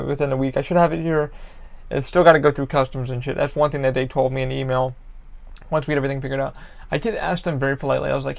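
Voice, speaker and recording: Gravelly-voiced man ranting casually. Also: mid-range voice, muffled recording. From Orlando, Florida area. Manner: profane, rambling, frustrated. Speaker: podcast host. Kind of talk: casual solo rambling.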